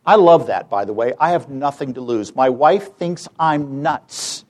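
A man's voice: mid-range voice, lively intonation, a little slow, a little mellow. A man in his fifties from the United States, giving a persuasive public talk with rhetorical questions and wry humor. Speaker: public speaker and campus debater.

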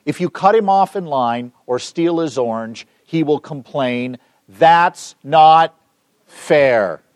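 A middle-aged man from Los Angeles, giving a public talk and taking audience questions with lively, joking storytelling. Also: on the high side, unhurried, dry recording. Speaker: speaker answering audience questions.

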